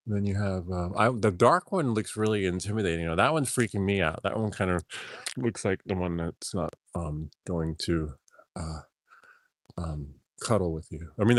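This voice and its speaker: A man with a deep voice vlogs a rambling story, recorded with no echo. He chuckles through it, often trailing off and starting over.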